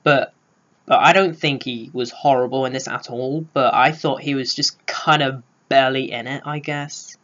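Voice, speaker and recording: A man giving a casual spoiler review of a film, gushing and filling pauses with "uh". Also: medium pitch, steady tone, fairly bright tone, muffled recording. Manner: gushing, lots of filler words. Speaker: film vlogger.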